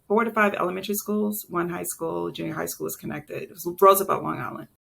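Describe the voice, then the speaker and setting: A woman's voice: fairly low pitch, quick pace, vocal fry, fairly bright tone, slightly rough. A woman in her late forties, a chef and entrepreneur, telling her life story candidly in a casual interview, with many fillers and restarts. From Brooklyn and South Carolina. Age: late 40s.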